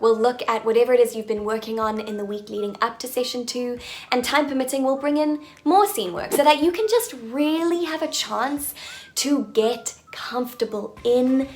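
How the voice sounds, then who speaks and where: A woman accent coach making an upbeat announcement to her viewers, with playful, jokey asides. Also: a little high.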